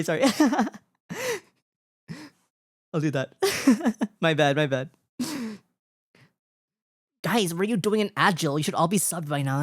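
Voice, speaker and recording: A woman's voice: sits low, no echo, clean studio sound. A woman streamer chatting live with her viewers, giggly and flustered, often repeating herself in a cutesy, playful way. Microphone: desk microphone.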